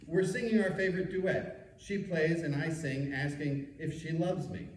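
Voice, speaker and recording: A New York City rabbi in his fifties reads his memoir aloud in a meeting room, with a wry storytelling delivery and asides. His voice is on the high side at normal speed; the mic is far off in an echoey room with slight background noise.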